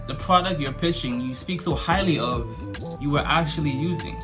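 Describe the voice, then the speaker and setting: A man's voice: mid-range voice, fairly quick, music in the background. A man hosting a casual commentary vlog, talking in slangy, sarcastic and mocking asides. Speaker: commentary channel host.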